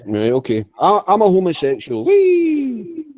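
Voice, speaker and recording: A man's voice: medium pitch, fairly quick, warm tone, dull audio. A man chatting on an online group call, crude and sweary, chuckling as he talks. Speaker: call participant. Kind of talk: casual group call banter.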